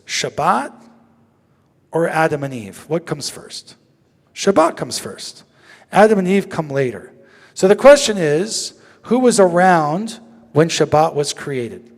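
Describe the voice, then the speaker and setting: A man teaching as a rabbi, lively and joking as he asks the audience questions. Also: sits high. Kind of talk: interactive teaching talk. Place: synagogue sanctuary. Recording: long reverb of a large hall.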